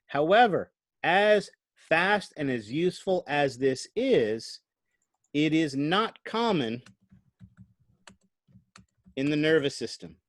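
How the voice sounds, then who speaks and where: A man's voice: a little high, big pitch swings, takes it slowly, pauses often, no room sound. A man giving a recorded online lecture into a computer microphone, explaining things conversationally and often checking in with "right?". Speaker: college lecturer.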